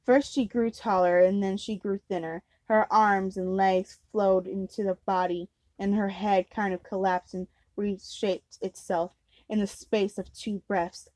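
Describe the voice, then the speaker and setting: A woman's voice: medium pitch, little pitch movement, a little slow, darkish tone, no room sound, low-quality recording. A woman reading a novel aloud at home, unpolished, with slips and restarts. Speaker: amateur reader.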